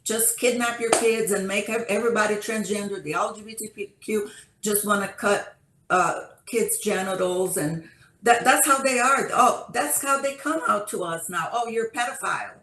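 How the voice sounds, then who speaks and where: A woman on a panel, telling her story in a lively, casual way with many restarts. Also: mid-range voice, moderate pace, echoey room, poor audio.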